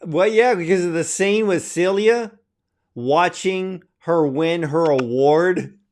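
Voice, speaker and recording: A male host asking relaxed, unhurried questions in a casual interview. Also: sits high.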